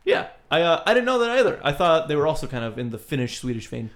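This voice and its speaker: A man's voice: fairly high pitch, very animated, quick pace. A man co-hosting a casual podcast, quizzing his co-host on bands with playful, profane teasing. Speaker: podcast co-host running a band quiz.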